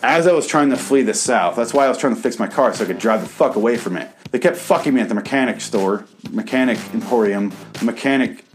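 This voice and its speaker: A man's voice: medium pitch, quick pace, few pauses. Sarcastic man ranting, faint music. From American Midwest. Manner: sarcastic, profane, bitter ranting. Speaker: comedy show host. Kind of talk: reading his own writing aloud, then improvised rant.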